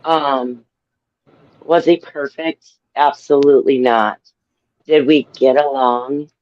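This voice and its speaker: A man talking about his brother on a live stream, halting and crying. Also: medium pitch, fairly even intonation, dry recording. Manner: halting, tearful, very slow. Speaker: guest. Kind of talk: emotional live stream chat. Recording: dull lo-fi audio.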